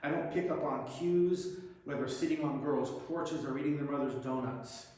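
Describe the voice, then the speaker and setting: A man's voice: mid-range voice, normal speed, a little mellow. A man giving a plainspoken, direct personal reflection to a congregation. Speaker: lay speaker giving a reflection. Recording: very echoey hall, mic far off.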